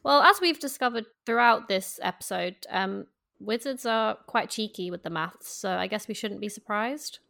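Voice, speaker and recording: A woman's voice: mid-range voice, lively intonation, moderate pace, creaky, sharp tone. A woman co-hosting a podcast in casual chat, teasing her partner and laughing often. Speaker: podcast co-host.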